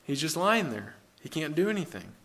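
A man's voice: a little high, big pitch swings, fairly quick, fairly bright tone. A man preaching a sermon in an earnest, conversational way, with rhetorical questions and frequent restarts.

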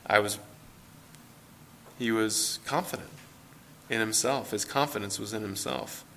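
A man's voice: on the low side, a little slow, gravelly, fairly bright tone, a little hiss or hum. A man preaching an earnest sermon, explaining scripture and acting out quoted voices with rising emphasis.

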